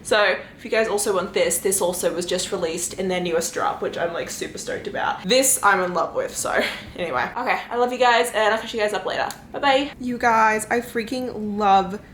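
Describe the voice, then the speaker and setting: A woman's voice: mid-range voice, brisk, a bit bright, a little hiss or hum. A young woman chatting casually to camera at home in a reading vlog, gushing with lots of fillers. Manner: gushing, effusive, many fillers. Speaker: book vlogger.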